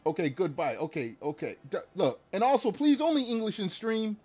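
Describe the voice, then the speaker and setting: Lively high-pitched man joking with chat. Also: fairly quick, breathy edge. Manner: joking, laughing, swears freely. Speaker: streamer talking to chat. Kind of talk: casual live-stream chat with viewers. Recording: dull lo-fi stream audio with faint music.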